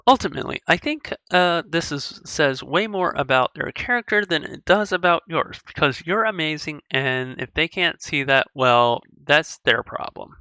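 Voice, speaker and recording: This is a goofy, caring dad from a video game, earnest and fumbling his way through fatherly advice with gentle jokes, as a woman reads him. The sound is bright and dry, close to the mic. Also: low voice, animated, moderate pace, few pauses, no echo, exaggerated voice. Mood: advising. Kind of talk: video game dialogue read aloud.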